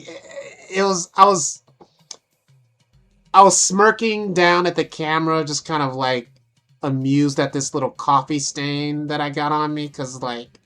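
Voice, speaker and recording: A woman's voice: low-pitched, a bit bright. A young adult woman vlogging casually, brash and profane, amused at herself as she talks through photos. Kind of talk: casual vlog talk over photos.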